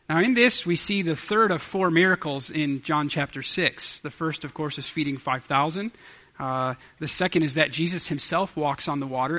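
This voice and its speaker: A pastor with a fairly high voice preaches a sermon, swinging from loud declarations to hushed asides.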